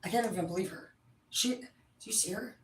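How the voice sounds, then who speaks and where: A woman's voice: medium pitch, fairly quick. Profane rambling woman in an echoey room. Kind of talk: casual rambling storytelling. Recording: echoey room, mic at a distance.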